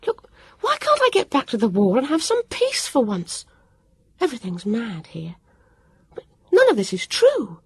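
An indignant, frazzled young girl, as a woman puts her on in an audiobook. The voice rides well above the narrator's, swinging widely, with a husky grain. It sounds close and dry. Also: on the high side, sing-song, a little slow, no echo, voice pushed up, full character voice. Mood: exasperated. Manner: indignant, rising to loud outbursts.

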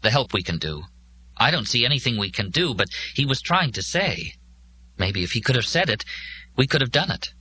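A man's voice: mid-range voice, sing-song, normal speed, pushed and bright, slight background noise, voice pushed up. A man voicing a shaken, despairing young man. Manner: shaky, despairing. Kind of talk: audiobook character voice.

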